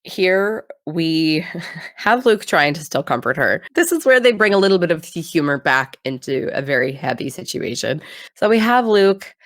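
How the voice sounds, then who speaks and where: A woman's voice: deep voice, lively intonation, normal speed, no room sound, studio quality. A woman co-hosting a casual podcast, animatedly retelling a TV episode and acting out the characters' lines with laughter. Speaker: podcast co-host. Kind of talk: casual chat recapping a TV episode.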